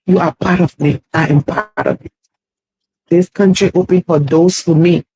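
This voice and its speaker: A woman's voice: lowish voice, fairly even intonation, moderate pace, dark tone, poor audio. A woman making a tearful, pleading apology video, played inside a commentary.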